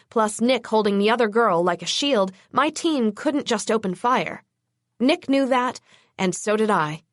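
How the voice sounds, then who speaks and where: A woman narrates an audiobook in the first person, tense and driving, with a mid-range pitch. The recording is close and dry, with no room sound. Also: no room sound.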